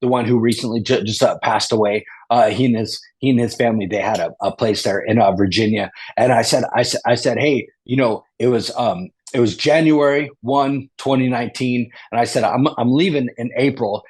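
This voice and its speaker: A man with a slightly husky, mid-pitched voice tells a story as an interview guest. He rambles and restarts often, dropping casual slang as he goes. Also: fairly even intonation, fairly quick, few pauses, a little mellow.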